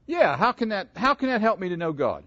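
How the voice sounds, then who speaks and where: A man preaching an interactive sermon, asking his congregation questions in an animated way. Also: sits high, a little fast, no echo, dull audio. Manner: animated, asks the room questions. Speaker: pastor.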